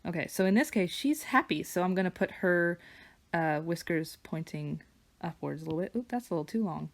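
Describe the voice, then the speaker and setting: A woman artist chatting casually while she draws, wandering between stories and soft murmured asides about her work. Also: on the low side, lively intonation, brisk, vocal fry. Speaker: digital artist and vlogger. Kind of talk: casual chat while drawing. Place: home studio with her dog nearby.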